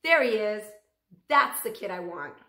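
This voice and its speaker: A woman voicing a loud, blustering company president, a big man with a cigar, in a storybook read-aloud. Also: fairly high pitch, a little slow, roomy sound. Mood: shouting. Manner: shouting, blustering.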